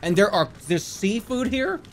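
A man streams a video game and chats casually at a moderate pace, spinning a long, excitable story. His voice swings from low mumbles to yelps over slight background noise.

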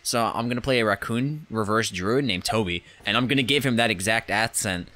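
A man hosting a gameplay video, chatting casually in an excitable, profane, rambling way. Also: fairly low pitch, fairly quick. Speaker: gaming channel host.

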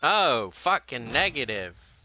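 Profane, bright-voiced man commenting on gameplay. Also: mid-range voice, big pitch swings, slow pace, slight background noise. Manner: profane, sarcastic, muttering to himself. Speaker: gameplay streamer.

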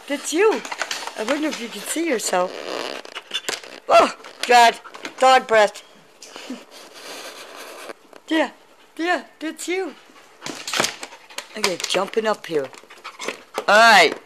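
Woman cooing high at her dog. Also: sharp tone, slight background noise. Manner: sing-song baby talk to a dog, high coaxing calls. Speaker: dog owner filming her pet. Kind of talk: casual home video talking to a dog. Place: at home by a window. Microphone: tablet held in hand.

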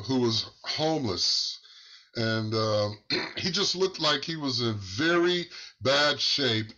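Slow, bright-voiced man telling a testimony. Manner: unhurried, halting storyteller who climbs higher when excited. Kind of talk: testimony storytelling at a church meeting. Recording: muffled lo-fi recording.

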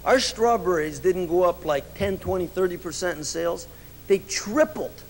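High-voiced man telling stories on stage. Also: moderate pace, a little hiss or hum. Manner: anecdotal, laughs often, many "you know"s. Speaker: business speaker. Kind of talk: keynote storytelling speech. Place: event stage before an audience.

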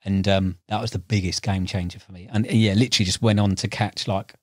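A man's voice: sits low, a little fast, no echo, clean studio sound. A young man, a podcast guest and carp angler, telling fishing stories in casual chat, full of slang and acted-out quotes. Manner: animated, acts out quotes, frequent fillers and slang.

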